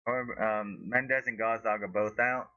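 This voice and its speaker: A man acts as a fan commentator for a live match during a watch-along, ranting heatedly and swearing freely, his pitch jumping into high outbursts whenever play turns against his side. His voice is sharply bright and cutting, with a steady tone at normal speed. The recording is dry, dull and lo-fi.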